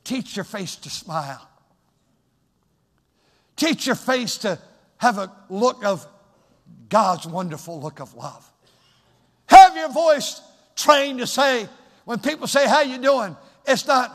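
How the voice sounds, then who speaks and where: A man preaching a fiery sermon as pastor, moving from hushed storytelling to shouted exhortation. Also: very high voice, animated, takes it slowly, pauses often, in a large hall.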